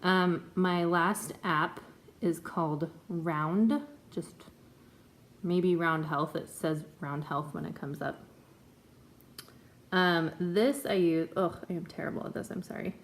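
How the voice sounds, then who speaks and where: A woman's voice: lowish voice, fairly even intonation, slow pace. Chatty woman in her twenties. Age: 20s. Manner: chatty, filler-heavy, self-conscious. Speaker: vlogger. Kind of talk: casual chat. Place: home room.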